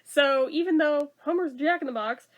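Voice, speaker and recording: Her voice sits high and moves at a normal speed while she reviews a TV episode in a relaxed, talkative way. Laughter comes often, and nearly every sentence has a "like" in it.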